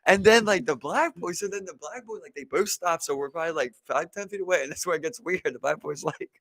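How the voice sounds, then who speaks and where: A young man with a Baltimore accent tells a street story on a podcast, lively and full of slang. His voice is bright and forceful and sits a little high. It is recorded close and dry. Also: fast talker, no echo. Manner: animated, profane street slang, acts out quotes. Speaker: podcast host. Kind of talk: casual chat, storytelling.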